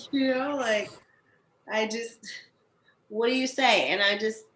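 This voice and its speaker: A woman's voice: fairly high pitch, slow, fairly bright tone. A young adult woman, a podcast guest working in the cannabis industry, talking candidly and emphatically in a casual conversation and swearing freely. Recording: echoey room, faint background noise.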